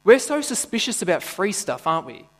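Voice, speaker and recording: A man's voice: high voice, very animated, brisk, a bit bright. Male pastor preaching in a reverberant church. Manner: conversational, asks the congregation questions; playful asides and jokes. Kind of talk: sermon. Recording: church hall with long reverb and mains hum.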